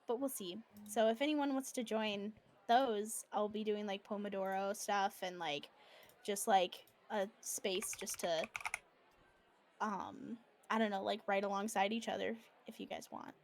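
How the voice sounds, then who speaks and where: A woman's voice: mid-range voice, vocal fry. A woman writer chatting on a live stream, bubbly, laughing often and full of fillers. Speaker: fan fiction writer, guest. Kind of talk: casual live-stream chat.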